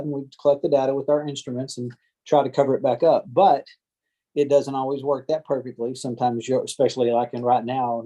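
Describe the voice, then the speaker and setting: A man's voice: medium pitch, warm tone, rough recording. A man, a land surveyor giving a casual talk on a video-call training meeting, chatty and folksy, acting out the voices of angry homeowners. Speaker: land surveyor giving a talk to a team of real estate agents. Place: home or office on a video call. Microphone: computer or headset mic on a video call.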